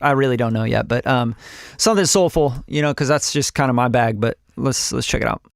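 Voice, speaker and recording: A man's voice: medium pitch, fairly quick, creaky, a little hiss or hum. A man teaching music production on a casual live stream, loose and chatty with lots of fillers, humming drum rhythms and swearing offhandedly.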